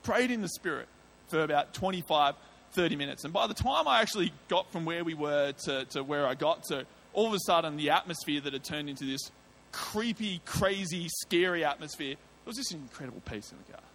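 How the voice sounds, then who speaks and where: An Australian man preaching from the pulpit, slipping into a story about his own past. His voice sits a little higher than most men's, and he acts out what he thought and said with lively, vivid delivery. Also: fairly quick, creaky, a little hiss or hum. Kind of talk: sermon testimony.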